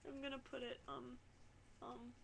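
A young woman talking casually to her webcam, excitable, giggly and swearing freely while she opens a package in her room. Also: high voice, a little slow, vocal fry, background noise. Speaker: vlogger.

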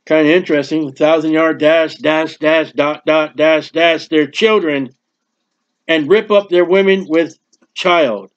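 A high-pitched man preaches through a Bible chapter verse by verse, hammering points with repetition and slipping in quick conversational jokes. The recording is dull and lo-fi, with the top end muffled. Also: fairly even intonation.

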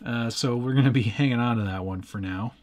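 A man's voice: mid-range voice, brisk, darkish tone, a little hiss or hum. A man hosting a casual live stream, rambling and chuckling as he answers chat while working with his hands at a desk. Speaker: livestream host.

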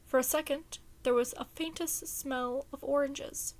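A woman reads fan fiction aloud in a casual, expressive way. Her voice is high. She sounds chatty and relaxed between chapters. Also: measured pace.

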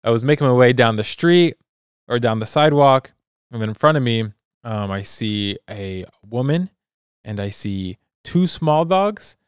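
Young man, podcast co-host, rambling storyteller, smooth clear voice, dry close sound. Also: mid-range voice, unhurried, no room sound. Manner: animated storyteller, loose and rambling. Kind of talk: casual chat.

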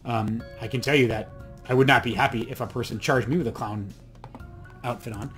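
A man's voice: medium pitch, fairly even intonation, brisk, a bit bright, soft background music. A young adult man rambling and joking with himself while he plays a game. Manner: rambling, chatty, self-mocking asides. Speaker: let's play host. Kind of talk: casual gameplay commentary.

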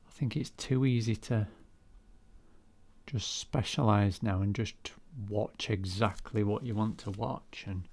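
A man's voice: fairly low pitch, steady tone, measured pace, vocal fry, a little mellow. A man, chatty and self-deprecating, talking viewers through a painting demonstration as he works. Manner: chatty, self-deprecating, thinks aloud while working. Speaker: art teacher.

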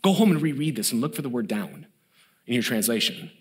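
A man in his thirties preaching a sermon as pastor, emphatic and building, dropping to a low hush on key words. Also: big pitch swings, fairly quick.

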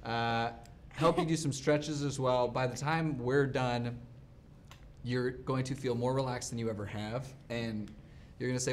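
A man on a live-stream dating game, teasing a rival and giving a mock-suave pitch. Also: steady tone, measured pace, a little hiss or hum. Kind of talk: casual banter on a live stream.

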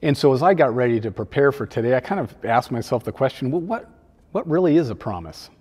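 A man, a children's pastor, preaching a sermon in a conversational, gently humorous way. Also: mid-range voice, very animated, quick pace, slightly rough, in a large hall.

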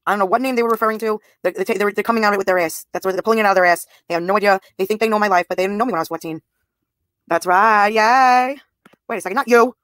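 A woman's voice: medium pitch, very fast, fairly bright tone, no room sound, studio quality. A woman in her thirties livestreaming, talking bluntly and profanely straight to her viewers' comments. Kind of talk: live stream talk to chat.

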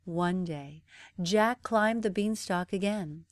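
A woman reading a bedtime story aloud, gentle and even. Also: lowish voice, slow pace, no room sound. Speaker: narrator.

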